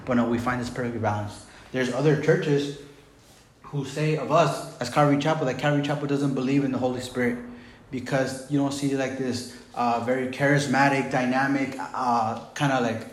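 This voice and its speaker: A man's voice: mid-range voice, a little mellow, roomy sound, rough recording. A male pastor preaching a sermon in a casual, conversational way, often saying "man" and "right?".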